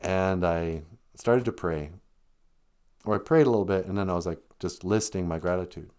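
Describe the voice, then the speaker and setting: With a low-pitched, darkish voice at normal speed, this comedian shares a personal story on a live stream. He keeps it chatty, laughs a lot, slips into brief voiced quotes of other people, and gets choked up.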